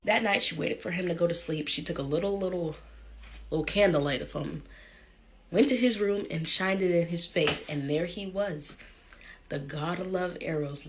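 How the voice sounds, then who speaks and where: A woman's voice: fairly low pitch, slight background noise. Woman storyteller, irreverent slangy myth recap, chatty. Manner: chatty, irreverent, joking asides. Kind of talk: casual myth retelling with slang.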